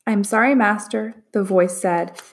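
A woman's voice: medium pitch, normal speed, a little hiss or hum, natural voice. A woman voicing an eager, deferential young male apprentice in a storybook reading.

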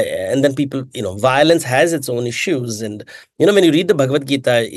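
A man, an author answering interview questions in an animated, emphatic way, with rhetorical questions and frequent self-corrections. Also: mid-range voice, no room sound, studio quality. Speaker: author and mythologist guest.

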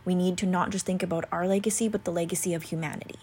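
A woman chatting casually about astrology, rambling and full of "like" and "you know", sometimes dropping into soft whispery asides. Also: lowish voice, steady tone, very fast, a little hiss or hum. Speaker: astrology content creator. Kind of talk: casual chat.

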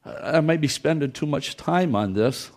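A man's voice: fairly high pitch, expressive, moderate pace. A man preaching a sermon in a church, folksy in manner, who repeats his phrases and acts out the scripture quotes. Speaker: pastor.

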